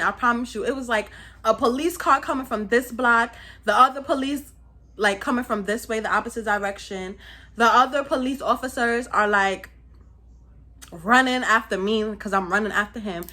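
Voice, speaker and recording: A young woman from Brooklyn with a New York accent, telling a story in a lively, slangy, casual vlog style. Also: on the high side, normal speed. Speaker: vlogger.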